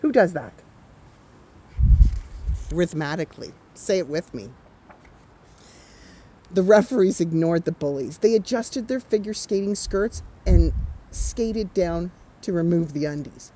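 Warm-toned storytime reader, woman, animated with chatty asides. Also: lowish voice, unhurried, a little hiss or hum, low-quality recording. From Canada. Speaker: author reading her picture book. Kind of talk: children's storytime read-aloud.

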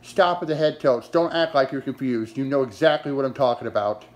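A man's voice: medium pitch, brisk. A man scolding his dog in a mock-stern, exasperated, sarcastic way, talking to it like a person.

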